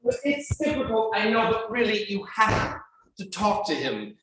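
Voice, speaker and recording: A man as a widowed father giving gentle advice, rambling and wry. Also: sits high, big pitch swings, moderate pace, a little hiss or hum. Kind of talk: film drama dialogue. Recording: echoey room.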